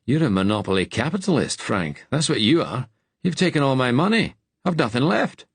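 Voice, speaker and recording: A man's voice: sits low, lively intonation, normal speed, dry recording. A man voicing a blunt, joking working-class Scottish man with a Scottish accent in an audiobook. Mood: teasing. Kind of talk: audiobook character voice.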